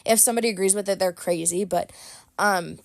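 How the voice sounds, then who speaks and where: A young woman talking straight into a close mic in a dry, deadened space, hosting her own podcast. She rambles chattily through fillers and restarts. Her opinions come out blunt and unfiltered. Her voice sits at an ordinary middle pitch. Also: fairly even intonation, a little fast, creaky, no room sound. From Boston area. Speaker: podcast host. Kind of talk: casual chat.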